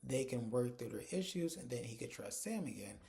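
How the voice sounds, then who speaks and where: A man's voice: medium pitch, expressive, brisk, gravelly, mellow. A man giving a casual, chatty recap of a TV episode, stringing the events together with "and so" and "like". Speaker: TV episode reviewer.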